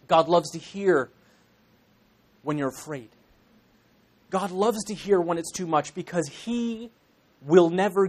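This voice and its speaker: A young Irish man in his twenties, a pastor in training, preaching a sermon to a congregation in an earnest, emphatic way with self-deprecating asides. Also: high-pitched.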